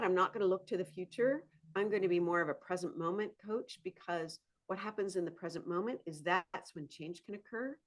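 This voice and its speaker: Animated woman therapist with a lively voice. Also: on the low side. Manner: animated, acts out inner voices and laughs often. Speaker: therapist turned coach, podcast guest. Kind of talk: conversational interview.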